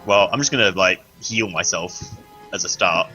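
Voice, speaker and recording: A man's voice: deep voice, normal speed, bright, forceful tone. A man playing a tabletop game over voice chat, talking in character in a laid-back joking way. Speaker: player. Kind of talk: tabletop role-play on voice chat. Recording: dull voice chat with faint music.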